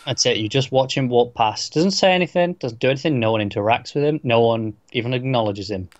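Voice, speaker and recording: A man co-hosting a casual TV review discussion, relaxed and agreeable. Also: medium pitch, a little fast, highs cut off. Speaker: podcast co-host.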